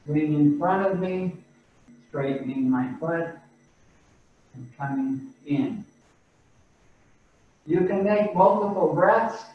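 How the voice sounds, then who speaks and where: A man teaching a qigong class over a video call, giving slow, calm breathing and movement cues. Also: a little high. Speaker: qigong instructor. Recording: roomy, distant, dull video-call audio.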